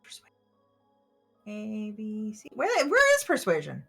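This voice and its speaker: Bright, playful woman player. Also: mid-range voice, wildly swooping pitch, unhurried, gravelly, slightly rough, soft background music. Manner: playful, laughing often. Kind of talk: tabletop role-play.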